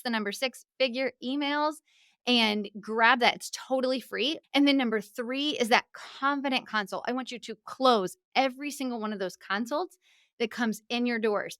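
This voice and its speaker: A woman's voice: fairly high pitch, a bit bright, no room sound, clean studio sound. Upbeat emphatic woman podcast host. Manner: upbeat, emphatic, repeats words for stress. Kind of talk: solo podcast monologue.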